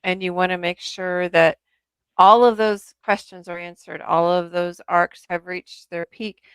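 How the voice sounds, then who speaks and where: A woman's voice: on the low side, fairly even intonation, unhurried, smooth, dry recording. A woman author chatting as an interview guest, talking at length and laughing through her stories. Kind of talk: casual interview chat.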